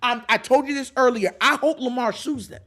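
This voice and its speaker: A man's voice: extremely high pitch, brisk, a bit bright. A man co-hosting a sports podcast, ranting in heated, joking, emphatic bursts. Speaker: podcast co-host. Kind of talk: animated sports debate.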